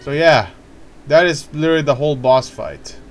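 A young man commenting casually on a video game he is playing, talking in a hyper, rambling, excitable way. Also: on the high side, moderate pace, soft background music. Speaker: let's play host.

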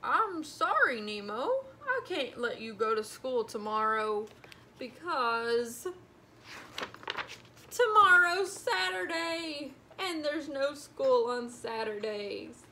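A woman voicing a gentle, worried father clownfish with a fatherly manner in a storybook read-aloud. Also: high-pitched, big pitch swings, slow pace, a little hiss or hum, exaggerated voice. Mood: apologetic.

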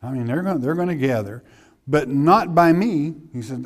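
A man's voice: a little high, lively intonation, normal speed. A middle-aged man preaching an expository sermon verse by verse in a folksy, emphatic way, often checking in with his listeners.

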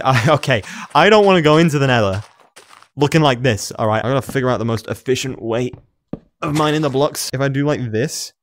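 A man commenting on his own video game play as he moves around his room at home, excitable, talking to himself and laughing often. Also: mid-range voice. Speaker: gamer.

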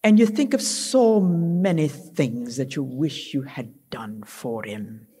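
A woman voicing an elderly, gentle Scottish widow who speaks in a soft near-whisper. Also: very deep voice, slow pace, husky, exaggerated voice. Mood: tender. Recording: echoey church hall.

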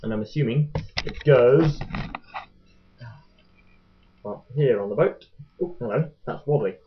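A man's voice: medium pitch, a little slow, slight background noise. A young man chatting casually as he unboxes a toy boat, rambling and joking to his webcam. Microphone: webcam mic. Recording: dull lo-fi webcam audio.

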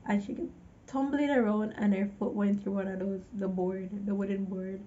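A woman's voice: medium pitch, steady tone, moderate pace, dark tone, highs cut off. A woman giving a casual movie recap, chatty, with exasperated asides to the viewer. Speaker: movie reviewer.

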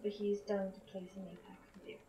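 A woman's voice: mid-range voice, little pitch movement, a little fast, dark tone. A woman chatting casually with a game streamer. She teases him and laughs easily. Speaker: streamer's partner. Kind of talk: casual chat off camera.

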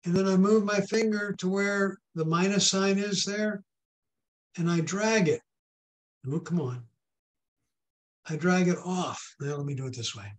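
A man leads a hands-on tech class at a patient, folksy pace and keeps checking that everyone is following. His voice sits a little high for a man. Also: measured pace, long pauses. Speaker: technology class instructor. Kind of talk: hands-on tech lesson with a told joke.

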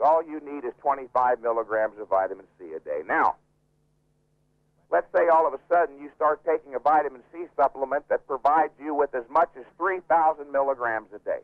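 A man's voice: mid-range voice, brisk, no echo. A man being interviewed, explaining in an emphatic, lecturing way and repeating his key points. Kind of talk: radio interview. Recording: dry, phone-like radio recording.

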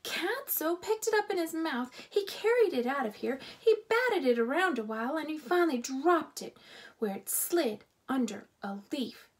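A woman's voice: sits high, lively intonation, normal speed, pitched above the performer's own voice. A woman voicing a small, bold talking mouse boy who is eager and indignant in a storybook reading. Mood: insistent.

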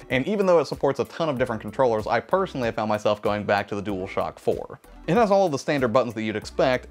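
A young man talks quickly in a low voice, hosting a tech video with a relaxed, chatty voice-over. He narrates a scripted overview and sometimes stops to correct himself. Faint music plays underneath.

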